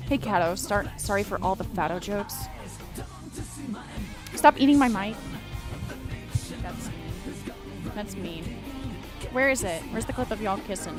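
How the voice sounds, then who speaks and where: A woman streamer rambles through live reaction commentary, loud and full of swearing. Music plays under her voice. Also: medium pitch, expressive, unhurried, pauses often.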